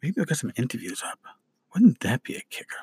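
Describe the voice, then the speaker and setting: A man's voice: medium pitch, wildly swooping pitch, fast, mellow, husky, dry recording. A man with a New York accent hosting a casual solo show, rambling and correcting himself as he talks. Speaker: podcast host.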